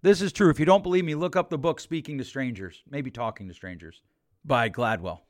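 A man's voice: medium pitch, fairly quick. A man, a therapist, talking through a podcast monologue with emphasis and repeated points.

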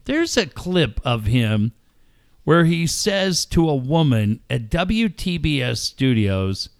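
A man co-hosting a casual sports radio show, telling animated stories and laughing often. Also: a little high, slow. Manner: animated storyteller, laughing through wrestler impressions. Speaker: radio co-host.

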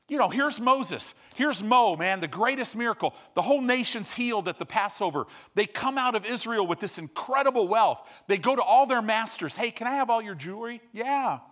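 A male preacher delivers a sermon with a high, bright-sitting voice. His pitch swings widely as he tells stories and acts out what people say. He moves between casual asides and slow, emphatic teaching points. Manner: animated storytelling with acted-out quotes.

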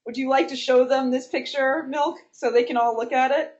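A woman's voice: high-pitched, steady tone, moderate pace, darkish tone. A woman hosting a podcast in casual group chat, teasing and playful. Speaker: podcast host. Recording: dull lo-fi podcast audio.

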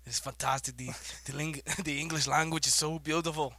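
A man's voice: a little high, fairly quick, no room sound. A man co-hosting a casual chat, telling wrestling stories, laughing often and acting out what people said. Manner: laughs often, acts out quotes in animated voices. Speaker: co-host, pro wrestler.

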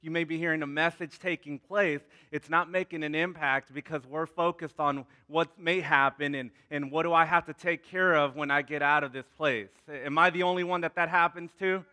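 A man's voice: on the high side, steady tone, moderate pace, hardly any pauses, pushed and bright. A man in his thirties, a pastor leading prayer and preaching to a congregation, repeating words and calling out to the crowd. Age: 30s. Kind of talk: sermon with prayer.

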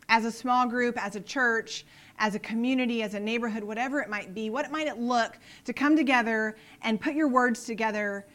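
A woman preaching a sermon in an earnest way, moving between soft, quiet lines and emphatic ones, and closing in prayer. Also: on the high side. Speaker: pastor.

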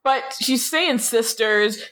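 A woman's voice: a little high, slow, fairly bright tone. A woman co-hosting a casual podcast, throwing in wry asides and laughing often. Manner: wry interjections, frequent laughter, swearing. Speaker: podcast co-host.

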